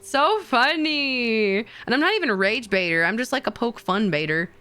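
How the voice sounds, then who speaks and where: Young adult female streamer, teasing and irreverent, crisp bright tone, slightly high. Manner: playful, teasing, swears, laughs often. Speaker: VTuber streamer. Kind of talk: casual chat with stream viewers.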